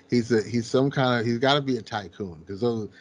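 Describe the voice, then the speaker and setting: A man's voice: medium pitch, normal speed. A man co-hosting a podcast, playful and self-deprecating, laughing often in casual comedic chat. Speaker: podcast co-host.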